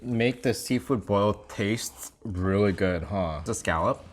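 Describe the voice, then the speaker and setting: A man co-hosting a home eating show, excitable and giggly as he tastes and reacts. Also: lowish voice, slow pace. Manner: excitable, giggly, talks while tasting. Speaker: mukbang co-host. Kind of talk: casual eating-show chat.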